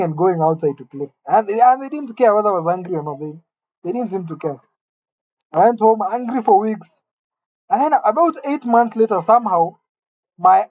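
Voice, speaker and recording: A man's voice: sits high, a little mellow, dull audio. A man from Kenya, telling a candid, self-deprecating personal story in a conversational way.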